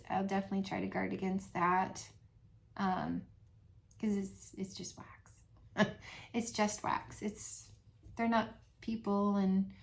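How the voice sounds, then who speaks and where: A middle-aged woman talking casually to her channel's viewers, soft-spoken, with many pauses and frequent little laughs. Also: mid-range voice. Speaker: channel host. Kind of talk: casual vlog chat to viewers.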